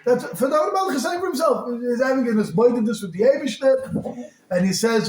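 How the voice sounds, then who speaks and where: A rabbi giving an animated sermon that rises to shouts. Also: male voice, extremely high pitch, brisk. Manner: animated, rising to shouts, heavy use of Hebrew and Yiddish terms. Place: synagogue hall. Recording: echoey hall.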